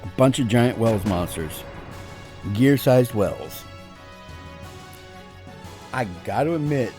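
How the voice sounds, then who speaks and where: A man's voice: on the low side, a little slow, long pauses, mellow. A man giving casual gameplay commentary with offhand, joking asides. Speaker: let's play host. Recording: game music playing underneath.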